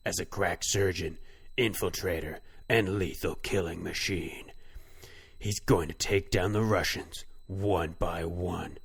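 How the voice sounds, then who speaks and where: Brief: booming movie-trailer announcer, very low and husky, grave and dramatic, put on by a podcast host. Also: male voice, exaggerated voice. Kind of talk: mock movie-trailer narration.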